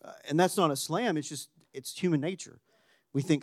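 A man preaching a sermon, animated and conversational, dropping to a hushed voice when acting out quotes. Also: a little high, normal speed, no echo, studio quality. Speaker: pastor.

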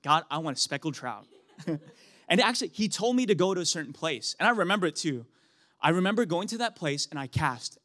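A man's voice: a little high, a bit bright. Young man preaching a casual sermon. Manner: conversational, laughs often, restarts.

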